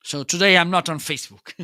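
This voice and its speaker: A man's voice: high voice, sharp tone. A man hosting a casual livestream, demoing his gear and searching for words as he goes. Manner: hums nonsense syllables while testing. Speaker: livestream host.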